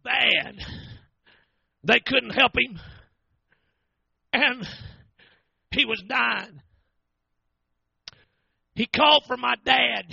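A preacher, a man, telling a sermon story with fervent, drawn-out delivery. His voice sits very high and sounds bright and piercing, with a heavy gravelly rasp. It is captured dry and a little muffled, like a dull lo-fi recording. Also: no room sound.

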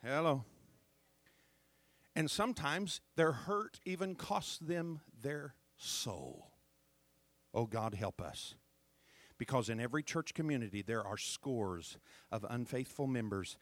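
A middle-aged male pastor preaching a sermon who keeps checking on the congregation with "hello?" and swings between loud emphasis and hushed asides. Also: mid-range voice, dry recording.

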